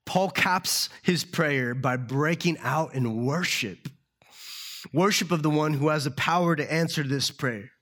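A man preaching a sermon as pastor, earnest and slowing down to stress key words. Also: a little high, a bit bright. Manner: earnest, slows down for emphasis.

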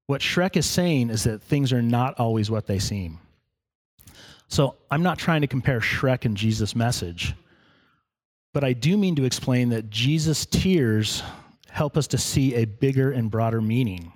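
A man's voice: mid-range voice, animated, measured pace, darkish tone. A man preaching in a church in a conversational sermon, with humorous asides to the congregation. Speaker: pastor.

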